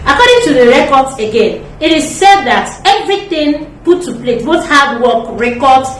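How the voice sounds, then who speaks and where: A woman summarizes a news item, hesitating and hunting for words. Her voice sits a little high and comes from away from the mic in an echoey room with faint noise behind. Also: very animated, moderate pace, far from the mic.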